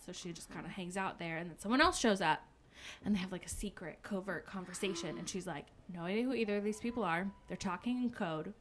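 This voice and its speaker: Young woman, bright voice, animated storyteller, acts out lines, casual chat, faint background hum. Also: mid-range voice, fast talker. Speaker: podcast co-host recapping a book.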